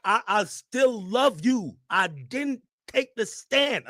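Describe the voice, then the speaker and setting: A man putting on the voice of a woman sweetly begging her ex to take her back, high and drawn out. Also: expressive, fairly bright tone, no room sound, heavily acted. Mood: pleading. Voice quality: high and slow, wheedling.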